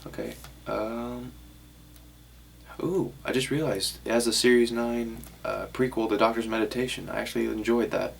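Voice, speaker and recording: Flat-voiced young man with a gravelly edge. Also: mid-range voice, moderate pace, a little hiss or hum. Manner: rambling, self-correcting, shows items to camera. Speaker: vlogger. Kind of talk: casual vlog talk to camera.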